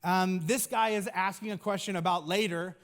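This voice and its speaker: A man's voice: sits high, steady tone, normal speed. A middle-aged man preaching a conversational sermon as a pastor, casual and joking, with many fillers.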